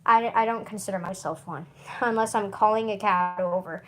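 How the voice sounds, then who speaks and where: A woman's voice: mid-range voice, moderate pace, fairly bright tone. A woman vlogger chatting casually to camera, rambling and often stuttering and restarting. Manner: chatty, rambling, with frequent laughs.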